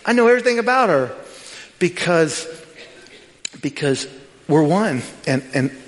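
A middle-aged male preacher with a high-pitched voice delivers a sermon as a personal story, acting out what each person said. His words ring out with a long reverb, as in a large church sanctuary. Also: a little slow. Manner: storytelling with lively quoted dialogue.

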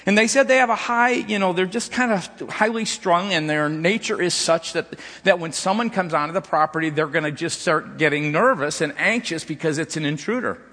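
A man's voice: fairly high pitch, moderate pace, pushed and bright, long reverb tail. A middle-aged man preaching a sermon, telling a story in a loose way with many restarts and repeated "and". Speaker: pastor.

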